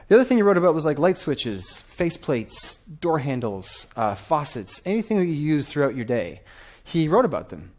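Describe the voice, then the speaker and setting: A man in his thirties giving a lively conference talk from a stage, often asking the audience questions. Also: mid-range voice. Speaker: conference speaker.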